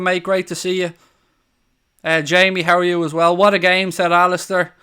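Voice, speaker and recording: A man hosts a live football watchalong stream. His voice sits high, bright and clear. He talks excitably, swearing freely and shouting over the big moments. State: out of breath. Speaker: watchalong host.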